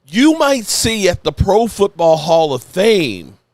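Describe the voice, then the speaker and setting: Sports-channel host, male, a bit tipsy, emotional and rambling, slightly high voice, dry close sound. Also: takes it slowly, no echo. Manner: excited, rambling, emotional, swears freely. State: tipsy from rum. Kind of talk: live-stream reaction.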